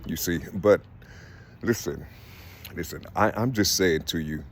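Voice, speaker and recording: A man's voice: sits low, measured pace, slight background noise. A man in his fifties talking to his viewers in a rambling monologue, peppered with "you see", fillers and restarts. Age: 50s. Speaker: vlogger. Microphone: phone.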